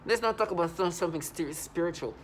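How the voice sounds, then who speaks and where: A vlogger talks through a rambling personal monologue, sounding agitated and often restarting or correcting himself. His voice is a little high and quick, with a slight hiss or hum on the recording.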